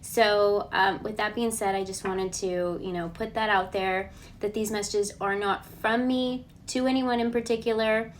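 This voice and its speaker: A woman giving a casual collective tarot reading, relaxed and reassuring. She thinks aloud and often checks in with a questioning "okay?". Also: mid-range voice, unhurried, slight background noise. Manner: chatty, ends points with a questioning "okay?". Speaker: tarot card reader.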